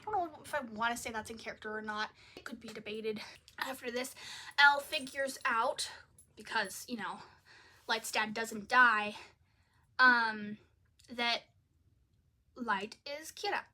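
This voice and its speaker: A young woman with a bright, somewhat high voice runs through a movie's plot in a casual, chatty review. She peppers her talk with "like" and sounds openly exasperated at what she describes. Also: a little slow, pauses often. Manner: chatty, exasperated, uses "like" often. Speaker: video creator reviewing a film. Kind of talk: casual spoken film review.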